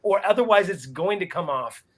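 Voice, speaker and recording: Higher-voiced man hosting a comedy panel. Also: lively intonation. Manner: rambling, quotes people in quick bursts. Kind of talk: casual panel discussion.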